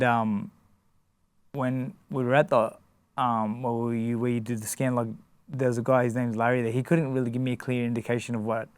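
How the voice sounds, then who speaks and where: An Australian boxer, appearing as an interview guest, talks casually in a halting way, often restarting sentences and filling them with "you know" and "like." His medium-pitched voice is a little mellow and clean, with no room sound.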